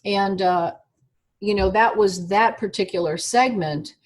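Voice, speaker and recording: An older woman tells her own story as an interview guest, her voice slightly husky and sitting in a middle register. She narrates with animation and slips into the voices of the people she quotes. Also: mid-range voice, unhurried.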